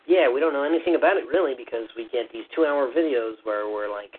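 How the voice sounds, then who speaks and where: A man co-hosting a podcast, trading dry deadpan one-liners in casual chat. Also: mid-range voice, fast, breathy edge. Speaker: podcast co-host. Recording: phone-like lo-fi line.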